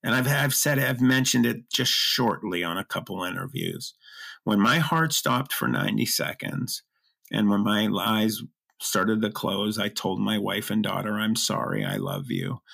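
A middle-aged man telling a personal story as an interview guest, earnest and emotional, with halting restarts. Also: fairly low pitch, animated, vocal fry, a bit bright.

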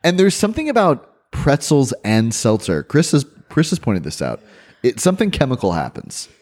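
Animated man podcast co-host. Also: medium pitch, normal speed. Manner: animated, jokey, laughs often. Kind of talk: casual chat.

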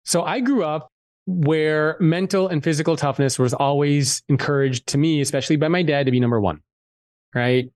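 A man guest on a podcast, telling a personal story in a candid, animated way and swearing freely. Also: fairly high pitch, normal speed, no echo. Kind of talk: casual storytelling interview.

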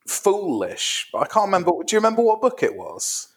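A man co-hosting a casual podcast chat, animated and playful in his storytelling. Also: high voice, brisk, slightly rough. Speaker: podcast co-host.

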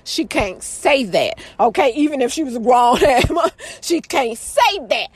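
A woman telling a story about her family to viewers in a chatty, dramatic way, jumping between loud exclaims and low asides and calling out to the audience. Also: very animated, measured pace, breathy edge, no room sound. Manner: chatty, addresses the audience directly with "girl" and "y'all". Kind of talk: casual storytelling to camera.

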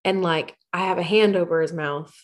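A woman playing a tabletop game, chatting eagerly and excitably about her character's actions. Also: lowish voice, normal speed. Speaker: player. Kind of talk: casual tabletop game chat.

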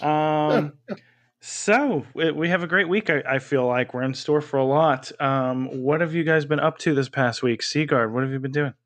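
A man's voice: fairly high pitch, moderate pace, a bit bright. A man hosting a casual podcast, introducing his co-hosts with jokey nicknames. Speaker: podcast host.

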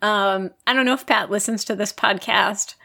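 A woman co-hosting a podcast in relaxed, casual chat. She talks chattily, with frequent fillers such as "like". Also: medium pitch, moderate pace, vocal fry. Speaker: podcast co-host.

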